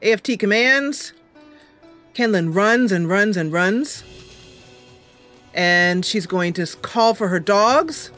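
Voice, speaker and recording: A woman's voice: medium pitch, slow pace, long pauses, soft background music. A woman host narrating a video game roleplay, mixing story narration with casual asides. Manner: lively narration with asides and laughter.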